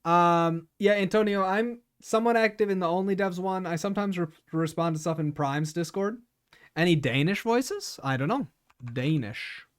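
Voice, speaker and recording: A man's voice: high-pitched, moderate pace, clean tone. A man streaming live, chatting casually with his viewers, laughing often and repeating words as he talks.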